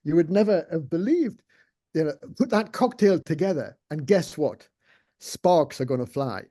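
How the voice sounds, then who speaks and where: An older man talks through his memories in an interview. His voice is warm and mellow, pitched a little high for a man, and he rambles with fillers and restarts. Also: animated, normal speed. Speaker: interview guest, former TV executive producer. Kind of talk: casual interview chat.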